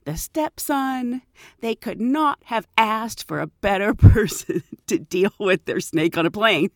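A woman telling a story in a casual, animated way, acting out the people she quotes. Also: medium pitch, a little slow, no echo, clean studio sound. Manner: animated, acts out quoted voices.

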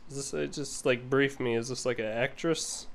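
A man's voice: medium pitch, fairly even intonation, moderate pace, slight background noise. A man co-hosting a podcast in casual chat, tossing in short, dry quips. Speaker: podcast co-host.

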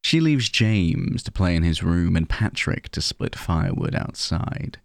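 Deep, gravelly male storyteller. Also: big pitch swings, no echo, clean studio sound. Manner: slow, measured and hushed. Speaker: narrator. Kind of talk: scripted narration of a horror short story.

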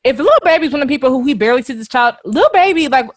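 Fast-talking animated woman. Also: high-pitched, no room sound. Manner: animated, quick, slangy. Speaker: podcast co-host. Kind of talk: casual gossip chat.

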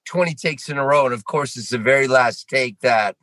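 A middle-aged man from Vermont telling stories as a guest on a casual chat show, animated and swearing freely, acting out what he said. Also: medium pitch, a little fast, no echo, low-quality recording. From Vermont, USA. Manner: animated, swears freely, acts out his own lines. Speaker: guest actor.

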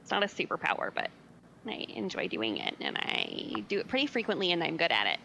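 A woman's voice: fairly low pitch, wildly swooping pitch, fairly quick, vocal fry, pushed and bright, a little hiss or hum, poor audio. A woman co-hosting a podcast in casual chat, giggly and self-deprecating. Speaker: podcast co-host.

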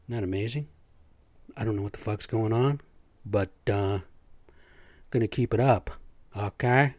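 Man, podcast host, casual rambling, swears a lot, lowish voice, dry close mic. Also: a little slow, a little mellow, no echo. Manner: profane, blunt, rambling with fillers. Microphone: podcast microphone.

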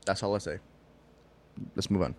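A man's voice: deep voice, normal speed. A man co-hosting a podcast, joking around and laughing often in casual chat. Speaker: podcast co-host.

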